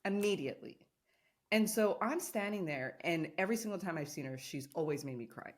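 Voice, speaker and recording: A woman on a podcast, one of the co-hosts, has a lowish voice and a fairly quick pace. She chats casually through an animated story, acting out what was said.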